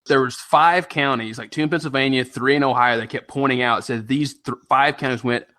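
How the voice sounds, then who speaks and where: Ranting animated man from Tennessee. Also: medium pitch, fairly quick. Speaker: podcast co-host. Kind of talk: casual storytelling chat.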